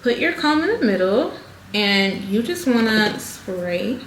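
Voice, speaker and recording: A woman's voice: mid-range voice, big pitch swings, takes it slowly. A woman talking viewers through a wig install in a casual, chatty tutorial, calling them "y'all.". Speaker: hairstylist vlogger. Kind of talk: casual tutorial talk to camera. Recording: echoey room with faint noise.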